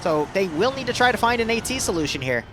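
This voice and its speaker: Male match caster, high voice, rapid play-by-play, noisy background. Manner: fast, excitable play-by-play with many fillers. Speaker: match commentator. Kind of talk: live game commentary.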